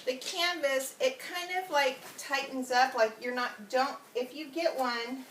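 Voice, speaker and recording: This home video reviewer speaks with a high-pitched voice, a little slowly, while giving a chatty, rambling product demo packed with ums. She's out of breath from moving about, and the far-off camera picks her up in an echoey, noisy room.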